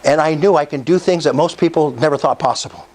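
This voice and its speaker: A man in his sixties speaks at a real estate investor meetup, giving a fervent, preacher-like motivational speech and calling out to the audience for responses. His voice is fairly high, fast and darkish in tone, with slight background noise.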